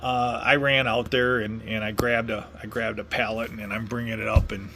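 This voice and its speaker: A man's voice: on the low side, little pitch movement, moderate pace, creaky, background noise. A middle-aged man from Wisconsin telling a casual story in a rambling way, full of fillers and restarts. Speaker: vlogger.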